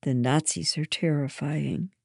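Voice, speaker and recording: A narrator reading a first-person story aloud in a slow, measured way. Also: medium pitch, creaky, a little mellow, dry recording, clean studio sound.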